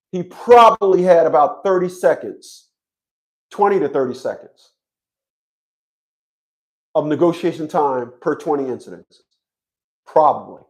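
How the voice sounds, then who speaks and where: Guy ranting to his viewers, kinda high voice, cusses a lot, keeps restarting his sentences. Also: darkish tone. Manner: blunt, profane, stammering restarts. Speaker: online commentator on child support. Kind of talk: casual monologue to viewers.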